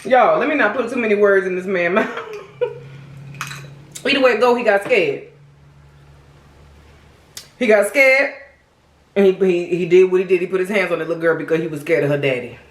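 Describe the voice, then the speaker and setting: Lively sassy woman vlogger. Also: medium pitch, normal speed, pauses often, reverberant. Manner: animated, sassy, talks straight to viewers. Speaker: mukbang host. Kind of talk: casual true-crime storytelling while eating.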